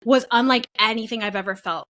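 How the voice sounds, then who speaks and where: This young podcast co-host talks fast, her voice a little high, as she casually shares the story of giving birth. She brings it to life by acting out what everyone said.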